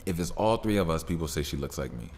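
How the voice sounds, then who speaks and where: A man's voice: rumbling low, animated, quick pace, darkish tone. A man hosting a solo podcast, talking in a rambling, laid-back way with lots of fillers and restarts. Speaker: podcast host. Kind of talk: casual solo podcast monologue.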